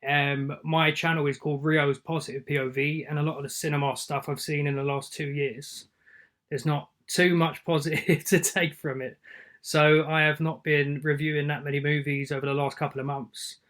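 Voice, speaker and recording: Fairly high-voiced man, even delivery. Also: moderate pace. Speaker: guest film reviewer. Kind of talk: casual podcast chat.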